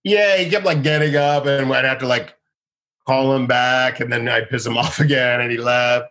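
A man in his thirties, a comedian guest, telling stories casually and acting out people in high excited bursts. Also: moderate pace. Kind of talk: casual storytelling.

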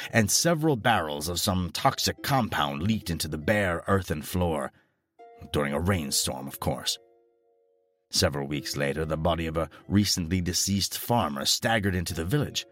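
Deep-voiced man narrating horror. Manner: dramatic, expressive storytelling. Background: faint music.

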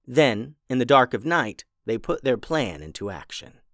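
A man narrating a children's story in an expressive, playful way. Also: mid-range voice, normal speed, no echo, studio quality.

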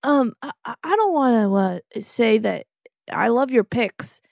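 A timid young boy pig who stammers and fills every pause with ums, as a woman improvises him. The voice is fairly high and swoops around a lot, and there is a gravelly edge to it. It sounds slow and unsure, recorded close and dry. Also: animated, a little mellow, no room sound. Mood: hesitant. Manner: hesitant and stammering, full of ums. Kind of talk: improvised comedy role-play.

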